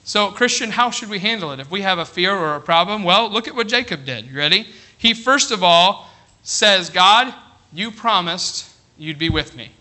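Middle-aged preacher, man, lively sermon delivery, very bright tone. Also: high-pitched, normal speed. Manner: animated preaching with frequent "all right?" check-ins. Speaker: pastor.

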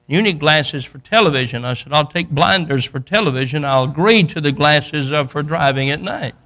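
An older man preaching a sermon, telling a Bible story in a folksy way and acting out the characters, rising to loud peaks. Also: a little high, normal speed.

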